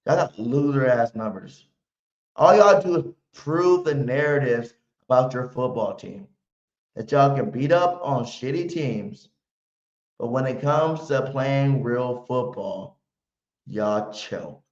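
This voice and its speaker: Brash trash-talking sports fan host. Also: male voice, medium pitch, expressive, takes it slowly, a little mellow. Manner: brash trash talk, slangy and emphatic. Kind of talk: live pregame fan stream. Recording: roomy, muffled home stream audio.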